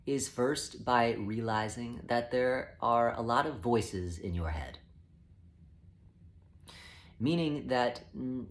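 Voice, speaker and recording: Man, calm measured spiritual teacher, even mid-range voice. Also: mid-range voice. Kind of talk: spoken teaching talk.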